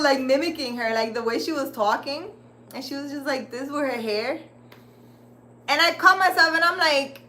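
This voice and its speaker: A woman's voice: sits high, moderate pace, pushed and bright. A woman hosting a casual livestream, rambling and chatty as she talks straight to her viewers. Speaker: livestream host.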